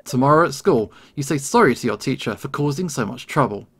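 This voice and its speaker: A man doing a yelling, hot-tempered dad. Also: mid-range voice, lively intonation, a little fast, husky. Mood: furious. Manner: yelling, harsh, scolding. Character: hot-tempered, bullying immigrant father.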